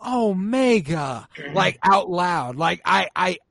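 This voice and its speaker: A man recapping a show episode in casual chat, animated and swearing freely as he acts out his reactions. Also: medium pitch, fairly quick. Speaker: podcast host recapping an episode.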